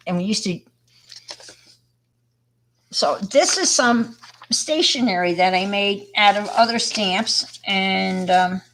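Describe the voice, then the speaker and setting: A woman's voice: medium pitch, vocal fry. A woman from Long Island, New York, presenting an art live stream. She tells a story and demonstrates casually, rambling and speaking to viewers as she works. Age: older.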